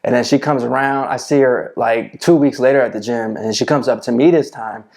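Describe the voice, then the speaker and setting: A man's voice: medium pitch, steady tone, a little fast, vocal fry, a little mellow. A man giving casual dating advice to camera, swaggering and full of slang, often asking "you know what I'm saying".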